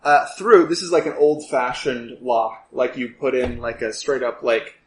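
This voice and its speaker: A man's voice: mid-range voice, normal speed, background noise. A man narrating a tabletop role-playing game as game master, casual and hesitant.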